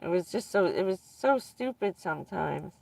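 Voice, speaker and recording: Gravelly woman telling rambling stories. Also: fairly low pitch, lively intonation, normal speed, dark tone, dry recording, recorded from a distance. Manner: rambling, laughs often mid-sentence. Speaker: vlogger. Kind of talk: casual storytelling to viewers.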